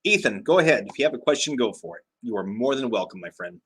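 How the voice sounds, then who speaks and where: A man's voice: mid-range voice, lively intonation, quick pace, fairly bright tone, husky. A man hosting a casual livestream, chatting and reading out viewer comments with frequent fillers and laughs. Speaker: livestream host.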